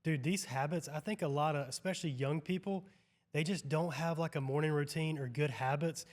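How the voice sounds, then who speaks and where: A man's voice: a little high, a little fast. Upbeat casual male podcast host. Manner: agreeable, casual, says "dude" and "yeah" a lot.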